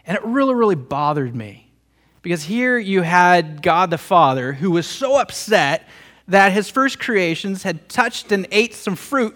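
A male pastor preaches a heartfelt storytelling sermon, often restarting with doubled words. His voice is bright and forward, pitched a touch high for a man. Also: animated, a little slow. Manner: emotional, repeats words in restarts. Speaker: pastor and theologian.

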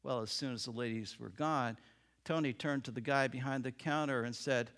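A man preaching, telling a story with lively acted-out voices. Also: medium pitch, moderate pace. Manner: animated, acts out voices in the story. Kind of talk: sermon storytelling.

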